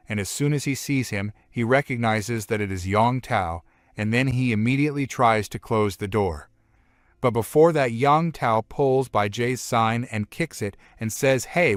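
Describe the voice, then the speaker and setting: A man's voice: medium pitch, dry recording, studio quality. A man narrating a comic story recap, retelling plainly in the present tense.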